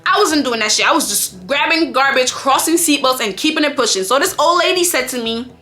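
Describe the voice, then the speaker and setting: A woman's voice: high voice, lively intonation, a little fast, sharp tone. A woman from Jamaica telling a story time to her vlog, chatty, candid and profane. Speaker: vlogger.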